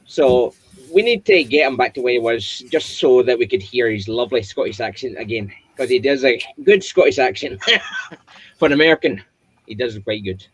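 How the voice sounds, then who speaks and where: A man's voice: medium pitch, expressive, normal speed, a little hiss or hum, poor audio. A man chatting casually on a video call, enthusiastic and joking. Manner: enthusiastic, jokey.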